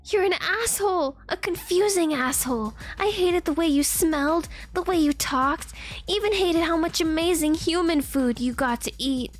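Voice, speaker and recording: A woman's voice: very high-pitched, moderate pace, pitched above the performer's own voice. A woman voicing a lovesick young male vampire who pleads and laughs through his tears. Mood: pleading.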